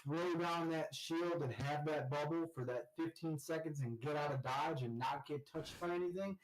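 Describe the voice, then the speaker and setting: A man co-hosting a casual gaming chat, telling stories in an animated way and rising loud when he quotes teammates. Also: on the high side, normal speed, poor audio. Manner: animated storyteller, shouts when quoting teammates. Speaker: podcast co-host.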